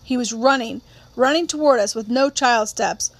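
A woman reading a novel aloud in a steady, measured storytelling manner. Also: fairly high pitch. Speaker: audiobook reader.

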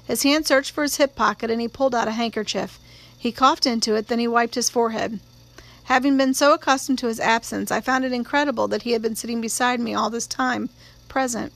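A woman reading a novel aloud in calm, measured audiobook narration. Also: a little high, creaky, rough recording. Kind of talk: scripted narration.

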